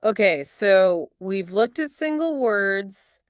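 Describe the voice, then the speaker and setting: Slow, smooth-voiced woman co-hosting a lesson. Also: medium pitch, animated, no echo, studio quality. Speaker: podcast co-host. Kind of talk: scripted teaching dialogue.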